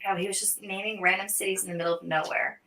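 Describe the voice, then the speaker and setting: Bright-voiced teasing woman, Northern US accent. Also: mid-range voice, steady tone, fast talker. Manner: playful, teasing, trips over words. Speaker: stream co-host. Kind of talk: casual livestream banter.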